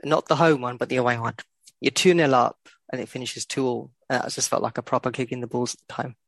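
Gravelly-voiced man, sweary football chat. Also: mid-range voice, steady tone, fast talker, no echo. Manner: blunt, sweary, laughing. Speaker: podcast co-host.

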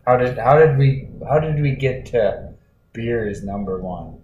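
A man's voice: mid-range voice, expressive, a little slow, a little mellow, muffled recording. Laid-back man in an echoey room. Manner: laid-back, rambling with fillers. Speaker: podcast co-host. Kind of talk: casual chat. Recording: roomy echo, faint noise.

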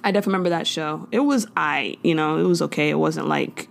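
A woman's voice: deep voice, fast talker, vocal fry, a little hiss or hum. A woman hosting a podcast, recapping a sitcom in casual, slangy chat and acting out the characters' lines. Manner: animated storytelling, slangy, acts out quotes.

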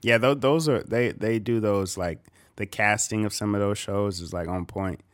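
A man's voice: fairly low pitch, moderate pace, no echo, clean studio sound. A man co-hosting a podcast in casual chat, laid-back, often laughing along. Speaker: podcast co-host.

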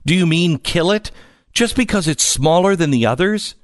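A man reading aloud and voicing an upset eight-year-old girl from a storybook, pleading in a high, tearful voice. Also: animated, moderate pace, no echo, close to an everyday voice. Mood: shrieking.

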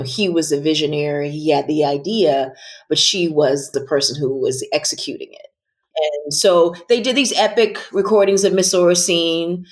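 A middle-aged actress in an interview, answering earnestly and thoughtfully, often trailing off into a soft voice. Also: female voice, low-pitched.

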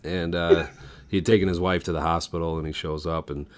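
A low-voiced man tells a long joke on a podcast. He rambles with fillers and the odd swear word, casual and unhurried. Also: flat delivery. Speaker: podcast co-host.

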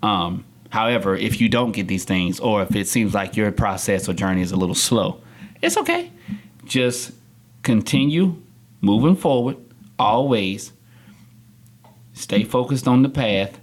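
A young adult man, a podcast guest, talking candidly and acting out the people he quotes in a studio interview. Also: unhurried. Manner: animated storyteller, acts out quotes with big pitch jumps.

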